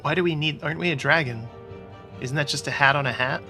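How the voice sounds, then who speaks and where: A man's voice: a little high, quick pace, pushed and bright. A man doing casual let's-play commentary, making sarcastic, joking asides as he plays. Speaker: gaming YouTuber. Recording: game audio with music behind.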